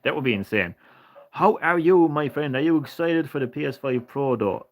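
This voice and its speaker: A man's voice: fairly high pitch, animated, normal speed. Sweary man ranting on stream. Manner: ranting, sweary, chatty with viewers. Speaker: gaming streamer. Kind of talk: casual live-stream chat.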